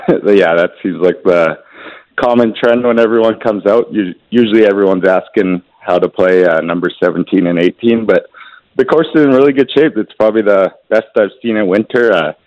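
A man working as a golf course assistant pro, calling in to a radio show and chatting in a relaxed, easygoing way. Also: fairly low pitch, moderate pace, no room sound. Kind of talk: phone-in radio interview. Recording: dull lo-fi line.

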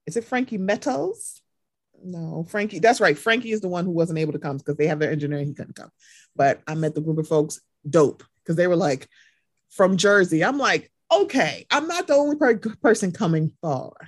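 A woman from Maryland hosting a podcast, telling stories in casual chat and acting out quotes with big jumps in pitch. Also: lively intonation, normal speed, no echo, studio quality. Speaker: podcast host.

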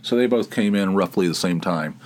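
A man's voice: deep voice, fairly quick, a little mellow. A man hosting his own podcast, telling a story casually, rambling with many restarts and chuckles. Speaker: podcast host.

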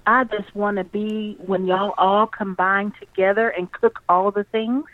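A woman's voice: medium pitch, level tone, unhurried, dry recording. A woman with a Southern Texas accent speaks as a guest in a loose, friendly chat. Her phrasing is folksy and she laughs easily. She comes through a dry, narrow, phone-like line. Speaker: conference organizer guest. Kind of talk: casual interview chat. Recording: dry, phone-like call audio.

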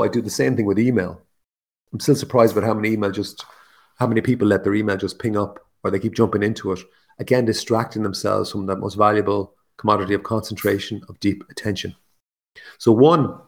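A man talks alone into the mic in a relaxed, musing way, wandering into asides and chuckling at himself. His voice sits low with a gravelly edge of fry. It sounds like a casual solo podcast. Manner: casual, musing, laughs at his own jokes. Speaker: podcast host. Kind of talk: solo reflective podcast monologue.

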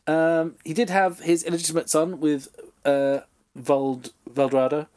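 A man's voice: on the high side, level tone, a little slow, darkish tone, clear, resonant tone. A man co-hosting a comedy podcast, telling a history tale with fillers and playful asides. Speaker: podcast co-host telling a story. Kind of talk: comedic history storytelling chat.

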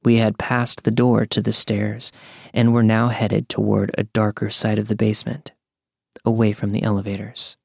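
Gravelly low-voiced male story narrator. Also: no echo, clean studio sound. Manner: calm, measured storytelling. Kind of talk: scripted narration of a true scary story.

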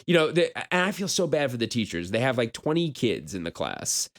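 A man in his thirties co-hosting a podcast, telling stories in a casual, animated way and laughing often. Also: medium pitch, brisk. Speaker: podcast co-host.

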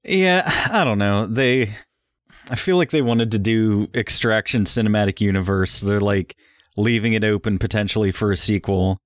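A man's voice: on the low side, normal speed, no echo. A young man co-hosting a casual film podcast, speaking in a dry, dismissive way. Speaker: podcast co-host. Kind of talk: casual film review chat.

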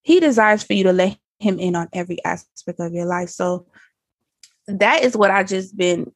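Husky-voiced woman, earnest and casual. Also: mid-range voice, moderate pace, no room sound, studio quality. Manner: earnest, conversational, slangy. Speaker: guest. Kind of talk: casual chat.

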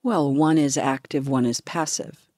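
A woman with a low voice hosts a conversational podcast. She speaks in a reflective, measured way and laughs easily. The sound is close and dry, with no room around it. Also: a little mellow, no room sound. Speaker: podcast host.

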